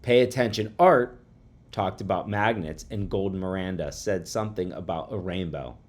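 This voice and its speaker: A man reading a children's chapter book aloud to students, warm and expressive. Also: sits low, moderate pace.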